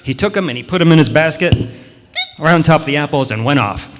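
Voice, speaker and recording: A man's voice: on the high side, animated, fast, a little hiss or hum. Man telling a children's story in a church. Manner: playful, chatty with the children. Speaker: storyteller at a worship service. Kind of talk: children's story told to a congregation. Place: church sanctuary. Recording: long hall reverb in a sanctuary.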